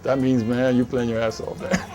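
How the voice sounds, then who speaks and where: A man in a documentary interview who talks haltingly, repeating words and laughing as he remembers. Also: mid-range voice, flat delivery, darkish tone, soft background music.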